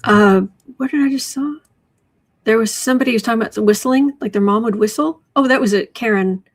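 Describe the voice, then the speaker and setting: A woman hosting a casual livestream at her desk, reading viewer comments aloud and often dropping into soft asides. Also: a little high. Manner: slow, drops to soft asides and whispers. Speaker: livestream host reading chat. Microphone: desk microphone.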